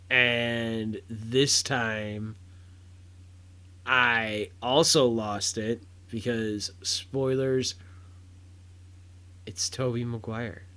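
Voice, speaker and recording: A man hosting a podcast, giving a casual, rambling film review full of fillers and restarts that turns loud and excited at big moments. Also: medium pitch, clean tone.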